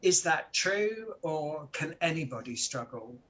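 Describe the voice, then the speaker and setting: A man's voice: a little high, animated, measured pace, fairly bright tone. A man hosting a health discussion, asking questions conversationally with some hesitations. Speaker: show host. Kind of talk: hosting a health talk show.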